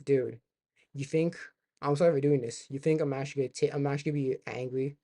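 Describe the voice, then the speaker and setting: Young male streamer, swearing reaction commentary, warm low timbre, loops phrases. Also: fairly even intonation, quick pace. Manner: ranting, profane, repeats himself.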